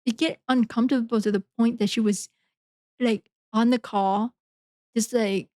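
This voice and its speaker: A woman's voice: a little high, fairly even intonation, normal speed, warm tone, dry recording. A woman hosting a podcast, talking frankly in a rambling, casual monologue full of fillers. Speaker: podcast host.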